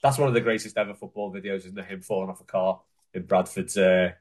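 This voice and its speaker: A man's voice: low-pitched, fairly even intonation, fast talker. A man hosting a casual football fan podcast, chatty and passing the floor to his co-hosts. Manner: chatty, hands the floor to the others. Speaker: podcast host. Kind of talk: casual chat.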